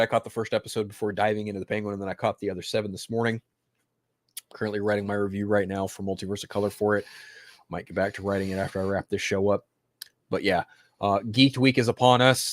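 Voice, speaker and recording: A man hosting a pop-culture podcast, ranting casually with constant swearing and sudden loud mock-crying outbursts. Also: lowish voice, no echo. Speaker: podcast host.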